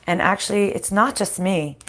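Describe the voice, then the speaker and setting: A woman's voice: medium pitch, normal speed, fairly bright tone. A woman with a scratchy voice doing a casual, chatty live card reading, laughing often and swearing now and then. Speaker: card reader.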